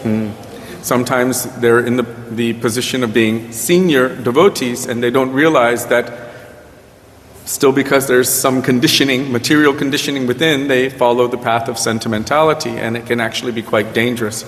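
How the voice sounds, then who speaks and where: A man's voice: mid-range voice, fairly even intonation, normal speed, slight background noise. A man teaching a group at a devotional gathering, telling stories and quoting his guru with emphatic rises. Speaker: spiritual teacher. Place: Vrindavan. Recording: livestream with long hall reverb.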